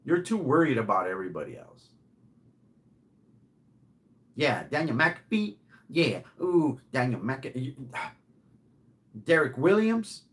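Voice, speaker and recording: A man's voice: medium pitch, very animated, slow, pauses often, a bit bright. A middle-aged man delivering an angry, mocking rant to the camera, swearing and repeating himself. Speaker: channel host.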